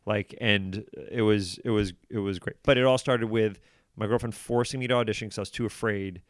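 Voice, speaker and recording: Guy in his 40s on a podcast, kinda low smooth voice, dry close mic, tells stories and does the voices. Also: a little fast, no echo. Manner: animated storytelling, acts out quotes. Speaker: guest comedian. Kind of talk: casual podcast conversation.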